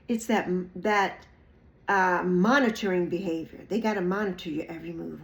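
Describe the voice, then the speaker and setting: A woman's voice: fairly low pitch, moderate pace, gravelly. Emphatic woman in her sixties. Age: 60s. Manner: emphatic, repeats phrases, mocks others in playful put-on voices. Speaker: YouTube creator. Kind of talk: reflective monologue to camera.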